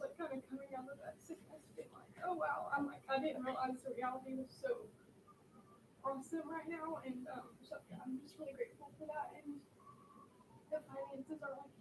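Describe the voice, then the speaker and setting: A high-voiced woman shares in a church group, emotional and close to tears, her talk halting and full of fillers. She sounds distant from the microphone, with clear background noise around her. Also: reverberant. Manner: casual, halting, many fillers. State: tearful, emotional.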